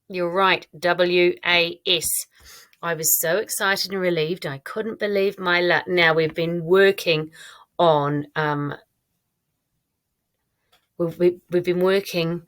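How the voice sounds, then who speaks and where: A woman teacher giving a recorded online lesson, modelling her own writing aloud in a clear, encouraging way. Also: lowish voice, fairly bright tone. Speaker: primary school teacher.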